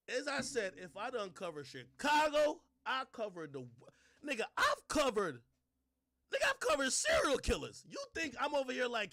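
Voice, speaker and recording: A young man ranting in casual commentary, mocking and swearing, swinging from low mutters to loud outbursts. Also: sing-song, fairly quick. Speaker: commentary streamer.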